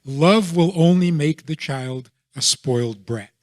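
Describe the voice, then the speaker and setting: A man being interviewed as a rabbi, explaining his views in a deliberate way and often checking in with a rhetorical question. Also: fairly high pitch, no echo, studio quality.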